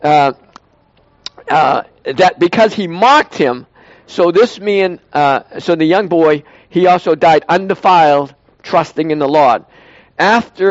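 High-voiced Boston man reading scripture. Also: dry recording, muffled recording. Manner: reads emphatically, then grows quiet and emotional. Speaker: lay preacher reading scripture.

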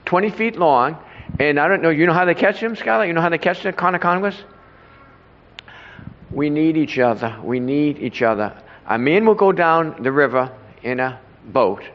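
A man telling a rambling, stumbling story at an informal Bible study, repeating himself and tripping over words. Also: fairly high pitch. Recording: echoey hall, dull lo-fi sound.

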